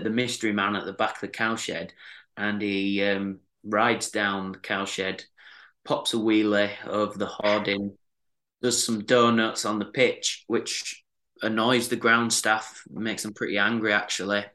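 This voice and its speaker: A man co-hosting a casual podcast, telling a rambling story with drawn-out pauses. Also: on the low side, flat delivery, bright, forceful tone, rough recording. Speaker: podcast co-host.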